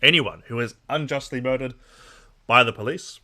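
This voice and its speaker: A young man with an Australian accent tinged with English, chatting loosely at his desk mic on a live political stream. His voice sits mid-pitch but rings bright and forward. He drifts from thought to thought, answering chat as it comes. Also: normal speed. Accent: Australian with a trace of English. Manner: rambling, reacting to chat messages.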